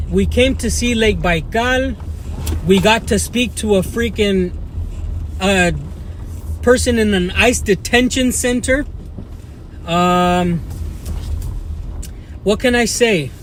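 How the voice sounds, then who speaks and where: A young Mexican American man from the United States, a livestream vlogger, rants back at his chat, combative and mocking toward commenters. His voice sits high, and a little hiss or hum runs through the recording.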